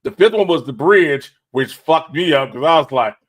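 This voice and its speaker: Animated man hosting a casual livestream. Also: on the high side, normal speed. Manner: animated storyteller, acts out quoted dialogue. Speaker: host.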